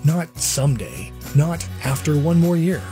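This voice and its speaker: Mellow, animated male announcer over soft music, inviting tone. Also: fairly high pitch, measured pace. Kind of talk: scripted radio ad narration. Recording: music bed under the voice.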